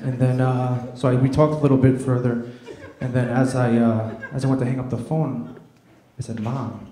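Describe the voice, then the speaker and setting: A man's voice: medium pitch, little pitch movement, moderate pace, a crowd in the background. A man doing a stand-up set on a comedy club stage, telling self-deprecating stories into a handheld mic. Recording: echoey club room.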